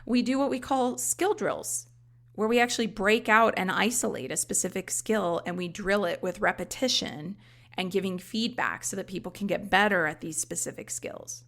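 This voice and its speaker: Speaking at a medium pitch and normal pace, with vocal fry and a somewhat bright tone, a life coach trainer teaches coaching skills on her podcast. Her instructional talk is conversational and often drifts into casual asides.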